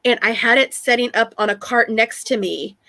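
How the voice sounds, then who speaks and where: Bright high-voiced chatty woman. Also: moderate pace, no room sound. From Texas. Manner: chatty storyteller, rambling with many restarts. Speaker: live stream host. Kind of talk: casual chat on a live stream.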